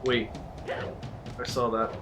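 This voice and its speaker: A woman streaming a video game, chatting casually, laughing often and reacting out loud to the game. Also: extremely low pitch, level tone, drawn-out words, music in the background. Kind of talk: casual live-stream chat while gaming.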